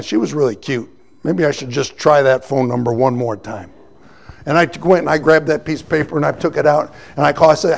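Gravelly man telling a lively testimony. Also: a little high. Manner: animated storytelling, acts out quoted voices. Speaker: testimony speaker. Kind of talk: personal testimony.

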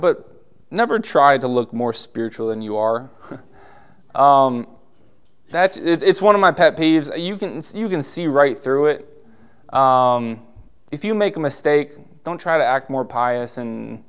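A male pastor preaching a sermon in a laid-back, conversational way, full of rhetorical questions and quick asides. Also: fairly high pitch, expressive, clean tone.

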